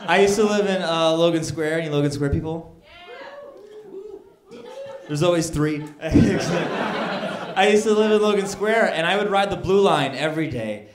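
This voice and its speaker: A man's voice: fairly high pitch, unhurried, pauses often, background noise. A man doing stand-up, telling a story and acting out scenes with rising outbursts. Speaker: stand-up comedian. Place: comedy club stage. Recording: roomy club with laughing audience.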